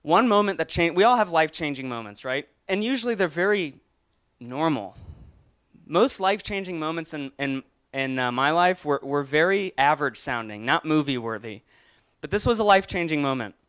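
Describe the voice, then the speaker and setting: A man's voice: fairly high pitch, lively intonation, moderate pace, a bit bright, clear, resonant tone. A young adult man giving an earnest motivational talk, often restarting his words and growing emotional. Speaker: motivational speaker.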